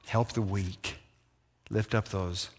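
Pastor preaching in a reverberant hall. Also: male voice, fairly low pitch, takes it slowly, breathy edge. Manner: animated storytelling with questions to the congregation. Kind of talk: sermon. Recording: long church hall reverb.

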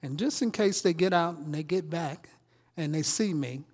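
A man's voice: a little high, moderate pace, a little mellow, breathy edge, in a large hall. A male pastor preaching a conversational sermon, teasing his congregation with questions and asides. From Chicago. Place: church sanctuary.

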